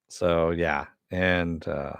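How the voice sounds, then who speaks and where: Deep-voiced man chatting casually. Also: smooth, dry recording. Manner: chatty, answers viewer chat, swears. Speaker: host. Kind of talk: casual live-stream chat.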